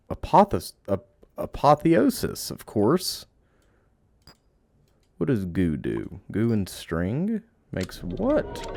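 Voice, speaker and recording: A man giving let's play commentary, playfully cooing at game creatures and drifting into hushed, musing narration. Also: deep voice, gravelly, slight background noise. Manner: playful, coos and baby-talks at game creatures. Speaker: game streamer.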